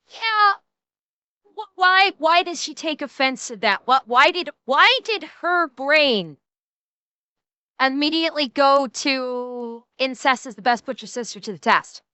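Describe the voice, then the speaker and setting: A woman streamer reacting to a video, excitable and rambling, swearing freely and correcting herself often. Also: high-pitched, slow pace, pauses often, no echo. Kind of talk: casual reaction commentary.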